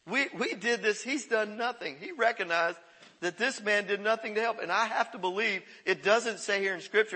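Bright, husky-voiced male preacher. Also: high-pitched, rough recording. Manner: animated preaching, swings from shouts to hushed asides. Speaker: pastor. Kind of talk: sermon.

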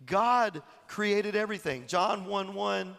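A man preaching a sermon, telling stories in an animated way and often chuckling as he talks. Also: high-pitched, slow, vocal fry, in a large hall. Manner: animated storytelling, chuckling, acting out quotes. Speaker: pastor.

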